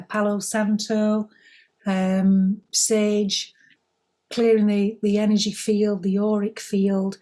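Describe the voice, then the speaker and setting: Gentle, husky-voiced woman. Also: medium pitch. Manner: gentle, reassuring, encouraging. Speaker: spiritual co-host. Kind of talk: calm advice talk.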